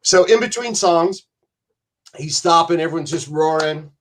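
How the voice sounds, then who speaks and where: A man's voice: a little high, a little slow. A man who is a podcast guest, telling rambling, profane stories in casual chat and slipping into voices.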